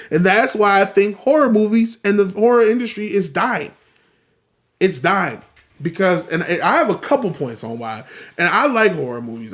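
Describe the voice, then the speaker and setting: A man hosting a solo podcast, ranting casually and animatedly, swearing often and repeating himself. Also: sits high. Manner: animated, profane, repeats himself, acts out quotes. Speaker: podcast host.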